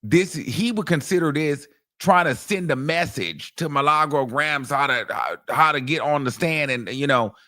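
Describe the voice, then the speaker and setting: A man's voice: fairly high pitch, normal speed. A man hosts a casual commentary stream in a loose, gossipy way, with plenty of fillers and profanity. He throws his voice up and down as he acts out other people's words. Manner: chatty, animated and profane, with lots of fillers. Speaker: host.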